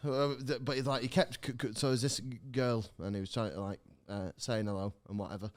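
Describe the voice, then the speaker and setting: A man's voice: mid-range voice, fairly even intonation, fairly quick. A man co-hosting a podcast, telling a rambling anecdote full of restarts and swearing. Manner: rambling with fillers and restarts, swears, laughs mid-sentence. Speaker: podcast co-host.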